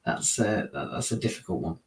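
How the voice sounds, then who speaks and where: A man's voice: deep voice, expressive, fairly quick. A man hosting a live stream in a casual, rambling, self-deprecating monologue, laughing often at his own slips. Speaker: teacher. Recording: roomy, from a distance.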